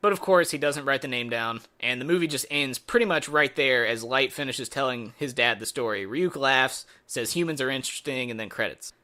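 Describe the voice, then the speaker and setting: A man's voice: mid-range voice, a little fast, hardly any pauses, pushed and bright. A man giving a casual spoken movie review in a sarcastic, exasperated way.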